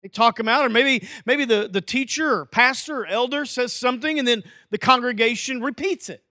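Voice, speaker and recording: A man preaching a sermon as pastor, lively, with folksy asides and acted-out quotes. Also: very high voice, fairly quick, dry recording, studio quality.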